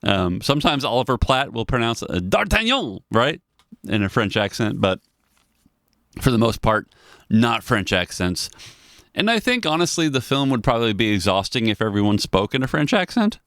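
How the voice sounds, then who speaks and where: A man hosting a solo podcast, talking in a chatty, animated way and laughing often. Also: medium pitch, moderate pace, no room sound, studio quality. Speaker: podcast host.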